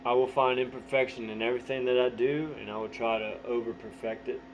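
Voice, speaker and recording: A man's voice: mid-range voice, steady tone, fast talker. Blunt, heavily swearing man, dull lo-fi audio. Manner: blunt, swears constantly, frequent throat clearing. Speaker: vlogger. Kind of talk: candid motivational monologue. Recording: dull lo-fi audio with faint hum.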